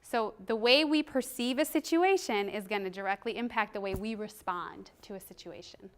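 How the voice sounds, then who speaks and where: A woman in her thirties giving a workshop presentation as a trainer, animated and quick to laugh. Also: mid-range voice. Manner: animated, laughs often, acts out quoted voices. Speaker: parenting and behavior trainer.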